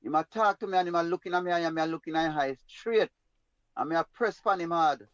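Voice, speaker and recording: A man's voice: fairly high pitch, fast, dry recording, lo-fi sound. A man with a Jamaican accent telling a personal story in an emphatic, rambling way in patois. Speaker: guest storyteller.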